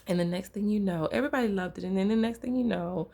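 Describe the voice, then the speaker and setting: A woman preaching an informal sermon, telling a personal story in a conversational, lively way. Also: mid-range voice, fast, gravelly.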